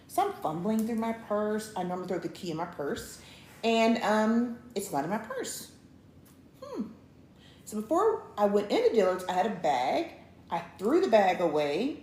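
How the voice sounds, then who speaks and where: A woman, co-hosting a couples show and telling a story to viewers in a casual, animated way, acting out each line of dialogue. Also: medium pitch, normal speed. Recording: roomy, with faint background noise.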